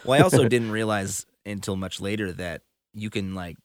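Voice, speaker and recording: A man's voice: fairly low pitch, normal speed, dry recording. A man, a touring musician, telling stories in casual conversation, rambling and full of fillers. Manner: rambling storyteller, many fillers.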